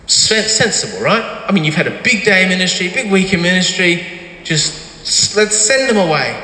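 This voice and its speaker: A man preaching a sermon, telling Bible stories with animated acted-out quotes. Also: high voice, normal speed, echoey room, long reverb tail, a little hiss or hum, low-quality recording. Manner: animated storytelling, acting out quotes. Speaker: pastor.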